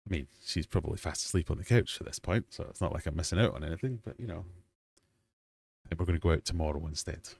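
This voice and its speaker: Deep, creaky and husky with a darkish tone, this fast-talking Scotsman in his forties runs a relaxed livestream quiz from the fish room in his home. He trades jokes with chat and pokes fun at himself as he goes.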